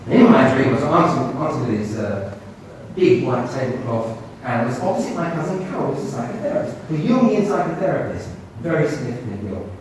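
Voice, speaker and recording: Male doctor, storyteller, very expressive, distant mic in a big echoey room. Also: a little fast, few pauses, slight background noise. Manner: animated, swings his pitch when quoting others. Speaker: doctor giving a talk. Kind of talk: storytelling talk to an audience. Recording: roomy hall, mic at a distance.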